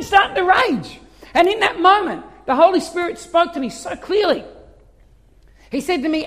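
A man, a pastor telling a story in a sermon, swinging from soft talk to shouting. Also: extremely high pitch, lively intonation, moderate pace. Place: church hall. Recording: long hall reverb.

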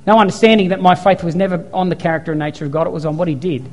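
A man's voice: a little high, fairly even intonation, racing, darkish tone, long reverb tail, a little hiss or hum. A man preaching a sermon as a pastor, telling stories, acting out quotes and hammering points home through repetition. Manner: storytelling, emphatic repetition, acts out quotes.

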